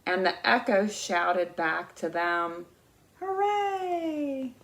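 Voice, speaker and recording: A woman in her fifties reading a children's picture book aloud, expressive and pausing to point out the pictures. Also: mid-range voice. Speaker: guest reader of a children's book.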